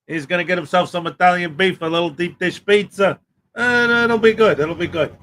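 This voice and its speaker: A man's voice: sits high, moderate pace, fairly bright tone, slight background noise. A man hosting a live stream, chatting casually and rambling, often laughing and trailing off mid-thought. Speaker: host.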